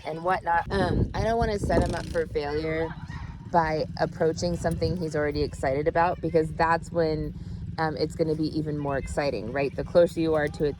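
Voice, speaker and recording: A woman's voice: low voice, background noise. A young woman dog trainer, speaking outdoors on a walk, patiently explaining her steps and checking in with "right?".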